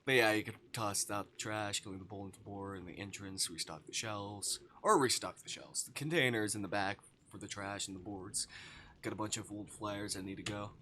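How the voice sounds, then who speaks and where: A man's voice: on the low side, fairly even intonation, moderate pace, bright, forceful tone, slight background noise. A man voicing a smug joking shop cashier. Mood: teasing. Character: teasing, playful young male shop cashier.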